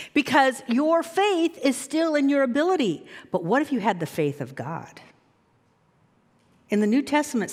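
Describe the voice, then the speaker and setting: Lively, high-voiced woman preaching in a hall. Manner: animated, coaxing the congregation to repeat after her. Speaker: minister. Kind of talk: sermon. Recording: long hall reverb.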